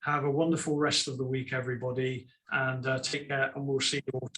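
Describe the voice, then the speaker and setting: A man hosting an online business panel on a video call, chatty, with quick asides and repeated words. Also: medium pitch, level tone, a bit bright. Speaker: webinar host.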